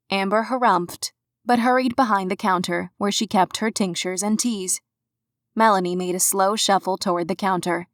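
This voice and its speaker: A woman narrates a cozy mystery audiobook in an even, measured voice. Her pitch sits mid-range. The recording is close and dry with no room sound. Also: no room sound. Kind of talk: scripted narration.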